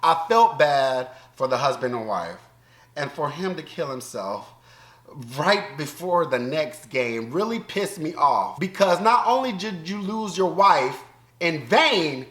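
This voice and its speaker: A man with a Southern US accent giving animated, joking commentary as a YouTube reaction host, breaking into loud outbursts and laughter. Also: a little high, takes it slowly, roomy sound. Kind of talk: casual commentary.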